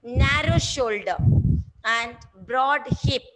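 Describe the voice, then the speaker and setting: Woman teacher, high voice, lists biology terms slowly, loud hiss behind. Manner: slow, repeats and spells terms for students. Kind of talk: online class lecture. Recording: loud background noise.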